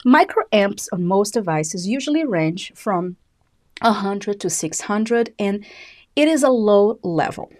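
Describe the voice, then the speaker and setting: A woman with a Brazilian accent, a native Portuguese speaker, hosting a live skincare device tutorial and talking fast and excitedly. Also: medium pitch, no echo, studio quality. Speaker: beauty channel host.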